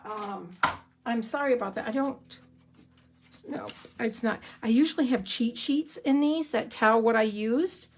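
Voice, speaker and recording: A woman giving a live card-making tutorial, chatty and excitable, rambling a little as she works. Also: on the high side, a little slow, slight background noise.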